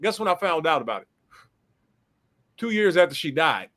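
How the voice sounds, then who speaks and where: An older man from Philadelphia argues in a heated casual debate. He talks bluntly, with emphatic profanity. His slightly high voice moves up and down a lot. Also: very animated, moderate pace, fairly bright tone. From Philadelphia, USA.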